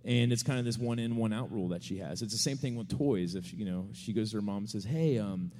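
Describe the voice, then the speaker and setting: Relaxed man telling an anecdote live. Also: fairly low pitch, fast talker. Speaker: podcast co-host. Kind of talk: live podcast answer to an audience question. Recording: reverberant live venue.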